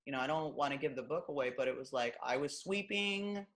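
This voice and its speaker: A woman's voice: rumbling low, fairly even intonation, racing. A middle-aged woman guest speaking bluntly and with self-mocking humor, acting out other people's lines in candid interview chat. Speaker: author and guest.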